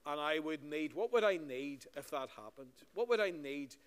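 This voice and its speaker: With lively intonation and a fairly high, clear, resonant voice at normal speed, a Northern Irish pastor leads a children's talk in a church service. He tells the story in a friendly way and asks the children questions, and the large church carries a long reverb.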